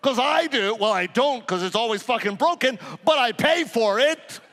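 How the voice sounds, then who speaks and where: Animated, swearing man in a reverberant hall. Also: very high-pitched, moderate pace. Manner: profane, joking, animated storytelling. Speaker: conference speaker. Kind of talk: live conference talk. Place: large conference hall.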